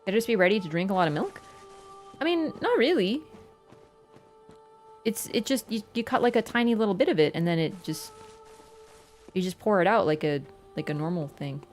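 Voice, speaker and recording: A woman's voice: mid-range voice, lively intonation, a little fast, pauses often, darkish tone, soft background music. Chatty Canadian woman streaming a game. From Ontario, Canada. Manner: chatty, rambling, full of "like" fillers. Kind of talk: casual livestream chat while gaming.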